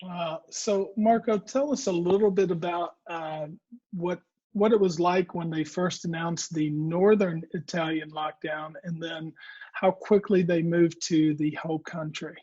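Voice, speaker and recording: A man's voice: on the high side, fairly even intonation, unhurried, a little mellow, no echo. A man hosting an interview, introducing his guest and asking questions with many hesitant fillers. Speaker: interview host. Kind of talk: remote interview. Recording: dull, dry, lo-fi sound.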